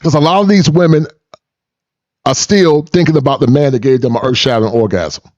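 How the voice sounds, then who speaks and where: A man's voice: medium pitch, fairly quick, a little mellow, highs cut off. A man hosting a reaction commentary, preachy and repetitive, mocking the people he reacts to. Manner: preachy, repeats words, mocking impressions. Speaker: commentary channel host reacting to clips.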